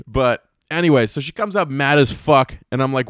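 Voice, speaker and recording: A podcast host from North Carolina, US, delivers a casual storytelling monologue, a rambling, profanity-heavy tale in which he often corrects himself mid-sentence. His mid-range voice swings hugely in pitch at a moderate pace, recorded dry with clean studio sound.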